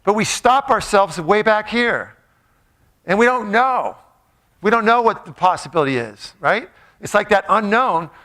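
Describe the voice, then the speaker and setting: Middle-aged male motivational speaker, high bright voice, playful and joking with a live crowd. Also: expressive, unhurried. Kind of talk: live talk to an audience.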